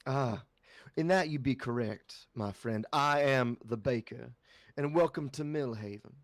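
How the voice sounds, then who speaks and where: A man's voice: mid-range voice, measured pace, no echo, clean studio sound, close to an everyday voice. A man voicing a huge, muscular, hardworking woman baker who speaks politely and plainly.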